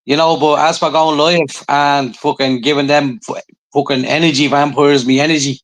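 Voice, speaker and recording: A man's voice: fairly high pitch, moderate pace, poor audio. A man with an Irish accent co-hosting a podcast, chatting casually and swearing often as he tells stories. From Ireland. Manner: swears often, animated storytelling. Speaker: podcast co-host. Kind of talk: casual chat.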